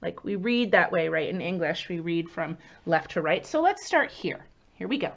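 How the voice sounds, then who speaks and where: A woman children's librarian leading a story time lesson, animated and singsong, asking the children questions as she goes. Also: on the low side, moderate pace, creaky, dull audio.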